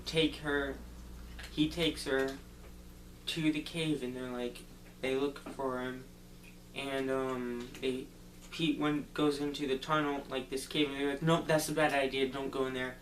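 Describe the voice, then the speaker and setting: Slow, rambling man in an echoey room. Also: mid-range voice, level tone, a bit bright. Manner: rambling, loose retelling full of "like" and "um". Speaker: movie reviewer. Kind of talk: casual spoken movie recap. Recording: roomy echo, distant mic, faint hum.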